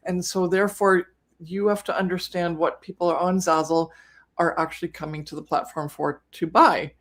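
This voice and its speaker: A woman's voice: fairly low pitch, fairly even intonation, moderate pace. A woman co-hosting a live business webinar, talking casually and often correcting herself mid-sentence. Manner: chatty, self-correcting, trips over words. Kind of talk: casual live-stream teaching.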